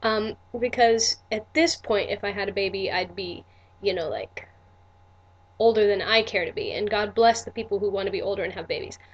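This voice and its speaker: A woman's voice: mid-range voice, normal speed, slightly rough, dull audio. A woman, telling a personal story in a candid, earnest vlog with many restarts and asides. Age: 40s. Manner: earnest and emotional. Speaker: vlogger.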